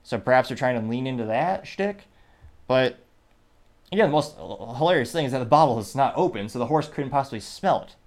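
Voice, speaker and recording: A man's voice: medium pitch, lively intonation, fairly quick. Wry man reading news commentary. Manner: wry, offhand, with frequent restarts. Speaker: show host. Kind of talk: casual commentary, reading quotes aloud.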